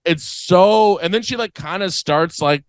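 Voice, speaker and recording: A man's voice: sits high, measured pace, clean tone, dry recording, poor audio. A man co-hosting a comedy podcast, telling a story in casual chat and acting out the people in it. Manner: animated storyteller acting out other people's voices. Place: podcast studio.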